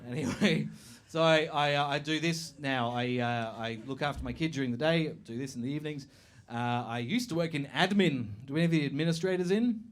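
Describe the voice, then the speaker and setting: A man doing a stand-up comedy set on a club stage, sweary and animated, mocking strangers with quick impressions. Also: a little high.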